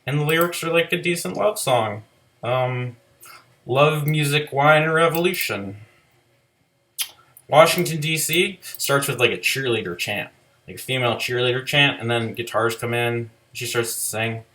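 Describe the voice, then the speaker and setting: A man's voice: mid-range voice, moderate pace, sharp tone. A man giving a casual, rambling spoken review of an album, full of "like" fillers and loose swearing.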